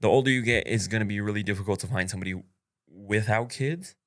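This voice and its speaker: Blunt, profane man with a low voice. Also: fast, fairly bright tone. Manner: blunt and profane, laughs often, many fillers. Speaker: podcast host. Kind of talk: casual solo podcast monologue.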